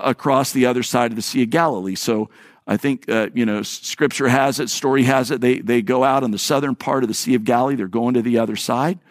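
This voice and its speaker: A man's voice: mid-range voice, dry recording. Storytelling male pastor, dry sound. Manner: storytelling, acting out quoted voices; repeats words on restarts. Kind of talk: sermon.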